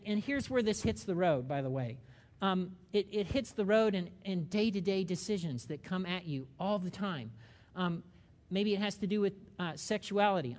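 A middle-aged man preaching a sermon, lively and conversational, acting out little voices and asking "okay?" often. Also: high voice. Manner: animated, acts out little voices and asides, repeats "okay?". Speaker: pastor.

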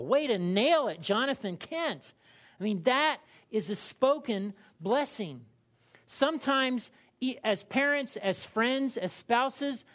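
A man's voice: high voice, a bit bright. Guy pastor giving a sermon, chatty and jokey, keeps asking "all right?". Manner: conversational and humorous, with frequent "all right?" check-ins.

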